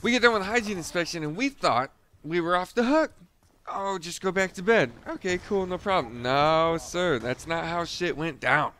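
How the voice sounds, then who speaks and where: Smooth-voiced young man telling a story. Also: fairly high pitch, moderate pace. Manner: loose, profane, animated retelling with chuckles. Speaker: storyteller, former Marine recruit. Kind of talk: casual storytelling vlog.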